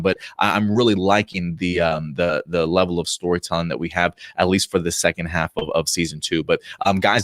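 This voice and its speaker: Upbeat, low-voiced male reviewer. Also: dry recording. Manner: enthusiastic, rambling, heavy on fillers and restarts. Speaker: host reviewing episodes and comics. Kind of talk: casual video review.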